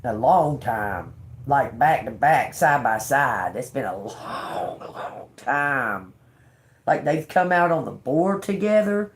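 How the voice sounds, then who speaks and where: An older woman doing a live tarot reading, talking slowly and bluntly with swearing, repeating words as she reads the cards aloud. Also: very deep voice, vocal fry, slight background noise. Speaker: tarot reader.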